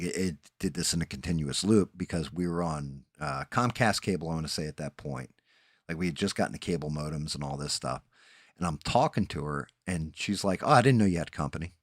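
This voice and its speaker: New man in his forties, very low voice, dry close sound, rambling profane storyteller. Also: dry recording. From New Jersey. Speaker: streamer host. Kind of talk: casual storytelling chat.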